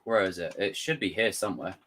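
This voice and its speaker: A man's voice: low-pitched, fast, a bit bright. A young man giving casual, rambling live commentary, joking and swearing freely. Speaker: streamer reacting to a trailer.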